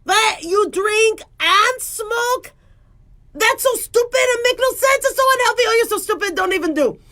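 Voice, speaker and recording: A woman's voice: very high-pitched, lively intonation, normal speed, pushed and bright, voice pushed up, full character voice. A woman putting on an Israeli accent to play a blunt, exasperated doctor scolding a patient. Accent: Israeli, put on.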